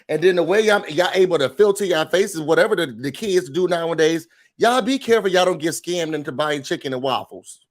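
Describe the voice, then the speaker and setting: A man's voice: fairly high pitch, fairly quick. A man with a slightly raised voice hosts a casual morning show from home. He chats and jokes loosely and acts out little scenes as he goes. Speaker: host. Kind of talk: casual commentary on a video.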